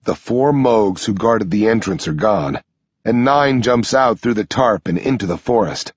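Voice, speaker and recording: A man reading a first-person story aloud as an audiobook narrator, with a steady storytelling delivery. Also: unhurried, slightly rough, no echo, highs cut off. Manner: steady storytelling delivery, pushing up in pitch for shouted dialogue.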